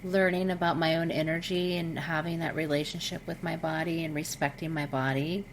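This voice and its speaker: A middle-aged woman speaking as a podcast guest over a video call, candid and expressive, with frequent fillers. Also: low-pitched, brisk, a little hiss or hum. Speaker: guest, intimacy coach. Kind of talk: casual podcast conversation.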